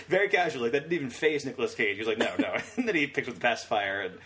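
A young man co-hosts a casual podcast, racing through his retelling of scenes. His pitch sits in an ordinary middle range, and he laughs often as he talks. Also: very animated, noisy background. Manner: fast, rambling retelling with frequent laughs. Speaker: podcast co-host. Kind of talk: casual chat.

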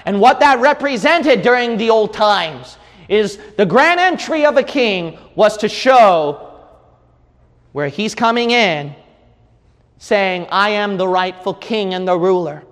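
A man with a high, ringing voice preaches a sermon, swinging between hushed passages and shouted peaks. The sound hangs in a long, lingering reverb. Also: expressive, slow. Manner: preaching with rising shouted crescendos. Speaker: pastor.

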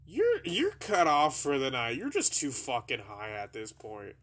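A blunt, exasperated mother, as a young man quotes her in his story, lays down the law to her son in a mid-range voice. She speaks with flat, scolding firmness, as a quote in a casual spoken anecdote. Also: medium pitch, a little slow, full character voice.

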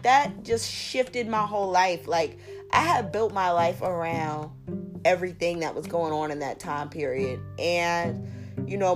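Candid, slangy young woman over music. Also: lowish voice. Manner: candid, emphatic, slangy, repeats for emphasis. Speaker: podcast host. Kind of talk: casual monologue. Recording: music playing underneath.

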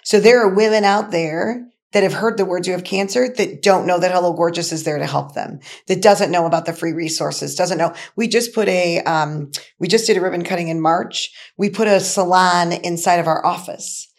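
A woman's voice: fairly low pitch, moderate pace, few pauses. A middle-aged woman, co-founder of a nonprofit, talking as a guest with enthusiastic, emphatic energy and a habit of repeating her points. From Indiana, USA. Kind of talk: energetic interview talk.

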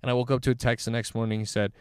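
A young man tells a story in loose, rambling chat, full of "like" and swearing. His voice is smooth and resonant, and it sounds close and dry with no room around it. His pitch sits in the middle for a man. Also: level tone, racing, darkish tone, no room sound. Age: young adult. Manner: rambling, swearing, heavy use of "like". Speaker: guest, former college athlete.

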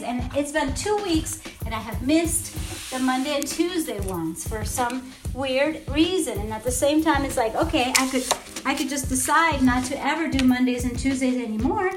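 A woman hosting a motivational podcast from home, talking off the cuff in a heartfelt, rambling, earnest way. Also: high voice. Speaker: podcast host. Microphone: podcast microphone.

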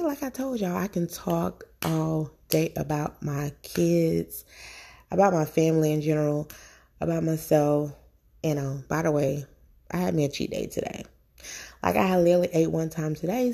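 Woman podcaster, mom, low mellow gravelly voice, talkative and rambling, a bit nervous, recorded on a phone. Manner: chatty, rambling, enthusiastic. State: a little nervous. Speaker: podcast host, stay-at-home mom. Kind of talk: casual solo podcast talk.

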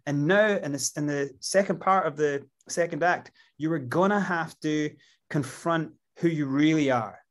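A man's voice: fairly high pitch, moderate pace. A man as an interview guest, reflecting and explaining at length. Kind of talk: casual interview chat.

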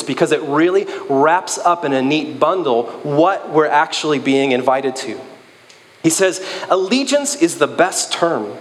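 Joking preacher in an echoing hall. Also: male voice, a little high. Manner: conversational, joking, animated. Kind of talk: sermon.

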